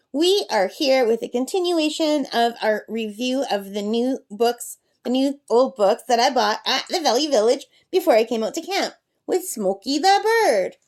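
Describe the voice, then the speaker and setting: A woman with a slightly high voice hosts her own craft channel. She talks chattily and enthusiastically, flipping through an art book and chatting to her parrot. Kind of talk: casual book review vlog. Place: at a campsite.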